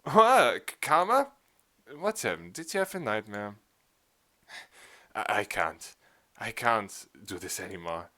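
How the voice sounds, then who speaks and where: A man's voice: fairly low pitch, sing-song, a little slow, long pauses, sharp tone, full character voice. A man voicing a desperate, pleading young woman trapped in a time loop in a game.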